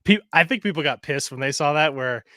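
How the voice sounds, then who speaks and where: A man's voice: a little high, fairly quick, a crowd in the background. Easygoing man talking sports bets. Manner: relaxed, hesitant, thinks aloud with restarts. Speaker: sports betting podcast co-host. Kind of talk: casual chat.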